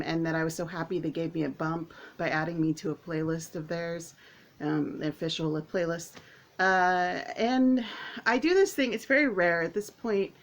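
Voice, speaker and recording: A woman vlogging to camera at home, chatting casually in a rambling, excitable way with lots of fillers. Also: on the low side, slight background noise. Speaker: author and vlogger.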